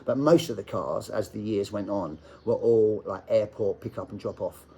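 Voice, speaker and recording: A man's voice: fairly low pitch, moderate pace, gravelly, mellow, slight background noise. Man, middle-aged, casual storytelling, chatty and laughing, faint background ambience. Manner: chatty, laughs often through the telling. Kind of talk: casual anecdote.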